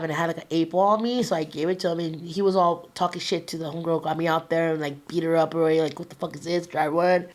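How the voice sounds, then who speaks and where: Low-voiced streetwise woman. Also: fairly even intonation, quick pace, few pauses. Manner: casual, streetwise storytelling with slang and swearing. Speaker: guest. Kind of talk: telling a personal story in an interview.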